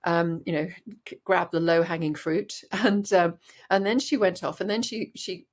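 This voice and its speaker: A woman's voice: fairly low pitch, moderate pace. Earnest middle-aged woman doctor. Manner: animated, earnest, frequent restarts. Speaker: doctor guest. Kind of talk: interview storytelling.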